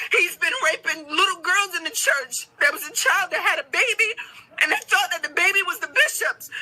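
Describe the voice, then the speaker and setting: Tearful, outraged woman with a bright, high voice. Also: low-quality recording. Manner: tearful, outraged, repeating herself, often breaking into shouts. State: crying. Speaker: family member speaking out. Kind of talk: impassioned public appeal.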